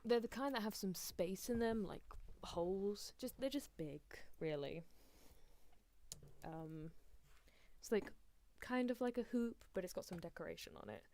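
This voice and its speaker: A woman on an ASMR stream, rambling in a soft voice and giggling often. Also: medium pitch, animated, unhurried. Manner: rambling, giggly, self-deprecating.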